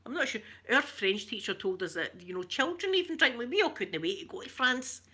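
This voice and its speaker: A woman with a broad Glaswegian accent hosts a casual chat with her viewers. Her voice is bright and sharp, and she wanders from story to story with easy, self-mocking laughs. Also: a little high, big pitch swings, a little fast, breathy edge. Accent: Glaswegian Scottish. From Glasgow, Scotland. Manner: rambling and chatty, laughs often, self-mocking. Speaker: ASMR channel host reading viewer comments.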